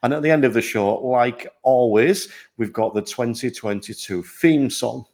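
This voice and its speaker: Upbeat man hosting a podcast. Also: normal speed. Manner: upbeat and self-deprecating, with lively jumps in pitch. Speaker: podcast host.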